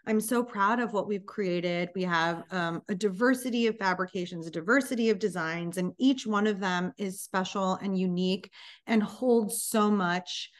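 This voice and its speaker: A woman in her thirties, a business founder, telling her story in an interview with lively, acted-out dialogue. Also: medium pitch, moderate pace. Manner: animated, acts out dialogue in storytelling.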